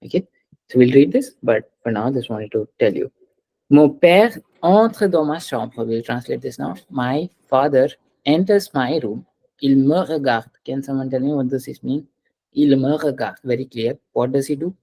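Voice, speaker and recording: A man's voice: mid-range voice, normal speed, dark tone, slightly rough, low-quality recording. A man teaching a French class, patiently drilling pronunciation and slipping into Hindi.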